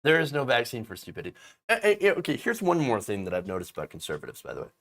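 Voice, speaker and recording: A man's voice: mid-range voice, huge pitch swings, racing, fairly bright tone. A man hosting a political commentary show, ranting in a profane, exasperated and mocking way.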